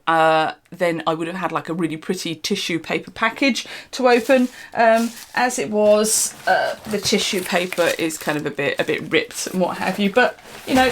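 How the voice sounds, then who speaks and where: An older woman, hosting an unscripted casual product review in a rambling, dry and sarcastic way. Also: medium pitch. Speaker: channel host reviewing products.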